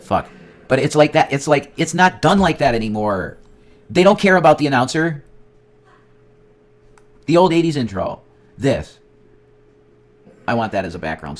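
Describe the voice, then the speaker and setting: Excitable, foul-mouthed man rambling. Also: medium pitch. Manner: profane, excitable, nostalgic rambling; swings between loud outbursts and muttered asides. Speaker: streamer. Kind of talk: rambling casual livestream chat.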